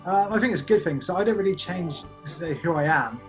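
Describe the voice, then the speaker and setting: A man's voice: sits high, expressive, racing, soft background music. A young man in his twenties, a magician guest on a podcast, chatting casually with lots of "like" fillers. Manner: rambling, many "like" fillers, laughs easily.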